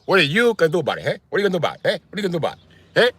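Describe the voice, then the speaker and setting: A man's voice: fairly high pitch, huge pitch swings, rapid-fire, a bit bright, husky, no echo, voice pushed up, full character voice. A man putting on a brash Italian tough guy. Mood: taunting. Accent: put-on Italian. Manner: pushy, taunting, keeps tagging "eh?". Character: brash loud stereotyped Italian man, boastful.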